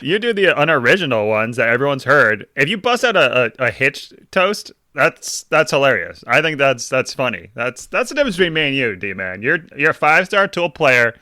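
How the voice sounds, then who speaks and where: A man's voice: medium pitch, very animated, moderate pace, hardly any pauses, bright, forceful tone, no room sound, clean studio sound. A man co-hosting a casual movie podcast, chatty and playful, often laughing and ribbing his friend. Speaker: podcast co-host. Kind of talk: casual movie review chat.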